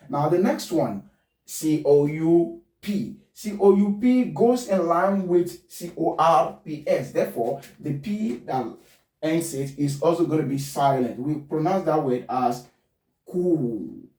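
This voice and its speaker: Male teacher, fairly high mellow voice, deliberate and repetitive, recorded far off in a roomy space. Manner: spells out letters, repeats points deliberately. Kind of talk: pronunciation lesson. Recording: echoey room, far from mic.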